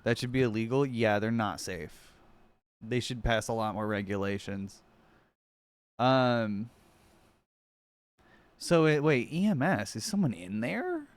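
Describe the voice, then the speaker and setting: A young man streaming and reacting to clips, swearing and making sarcastic jokes at his chat. His voice sits at a middle pitch and sounds close and dry. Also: animated, measured pace, pauses often, no echo. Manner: profane, sarcastic, talks to chat. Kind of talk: casual live-stream commentary.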